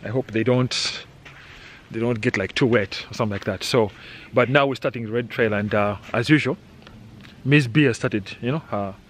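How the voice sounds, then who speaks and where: A man's voice: mid-range voice, normal speed, slight background noise, poor audio. Rambling man vlogging on a hike. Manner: rambling, joking, frequent "eh?" tags. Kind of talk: casual walking vlog narration. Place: outdoors on a muddy canyon trail.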